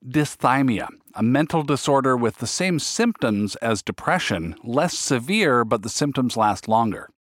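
Calm Midwestern man interviewing. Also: medium pitch, a little slow, hardly any pauses, no echo, studio quality. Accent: Midwestern American. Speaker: interviewer and narrator. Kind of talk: interview questions and scripted narration.

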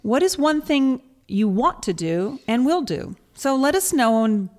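A woman's voice: sits high, very animated, unhurried, a little mellow. Bubbly woman from the American South. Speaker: podcast co-host. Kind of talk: casual podcast chat.

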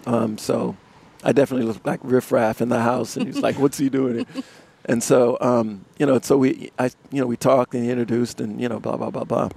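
Man with a gravelly voice, guest on live radio, animated storyteller, laughs a lot. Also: mid-range voice, fairly quick, hardly any pauses. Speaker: musician guest. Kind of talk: casual storytelling interview. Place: outdoors in front of a music studio complex.

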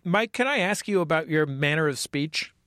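A man's voice: on the high side, expressive, normal speed, sharp tone, no echo, clean studio sound. A man from San Francisco interviewing a guest with wry, playful questions. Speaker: podcast interviewer.

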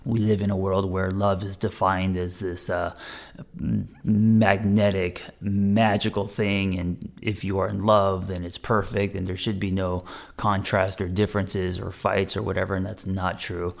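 A man hosting his own podcast as a therapist, talking in a relaxed, rambling, candid way with some self-deprecation, recorded in a home podcast room on a studio mic. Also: sits low, unhurried, gravelly. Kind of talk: casual self-help monologue. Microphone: studio microphone with mixer.

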